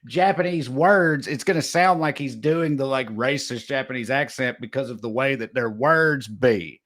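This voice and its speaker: A man's voice: medium pitch, moderate pace, a bit bright. A man with a Southern US accent hosting a podcast, talking in a loose, rambling way with many restarts. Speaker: podcast host. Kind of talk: casual comedic chat.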